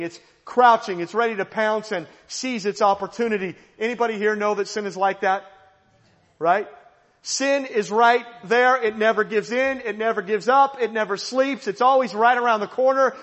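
Brief: male pastor, high voice, hammering emphatic phrases, long reverb of a big room. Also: highs cut off. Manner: emphatic, repetitive preaching cadence. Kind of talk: sermon.

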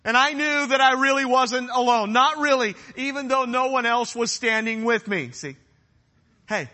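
A man preaches with a very high, bright voice that rings through a reverberant hall. He is earnest and emphatic, driving his points home by repeating phrases. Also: unhurried. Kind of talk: sermon.

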